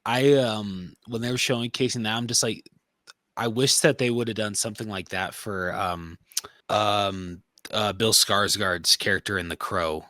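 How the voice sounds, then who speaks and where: A man's voice: fairly low pitch, a little slow, bright, forceful tone, no echo. A man co-hosting a podcast in casual movie review chat. He talks in a hesitant, laid-back way with many ums. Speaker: podcast co-host.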